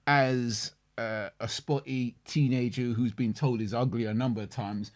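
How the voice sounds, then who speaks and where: A man's voice: mid-range voice, fairly even intonation, moderate pace. A man co-hosting a casual podcast chat, telling stories animatedly and often repeating words. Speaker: podcast co-host.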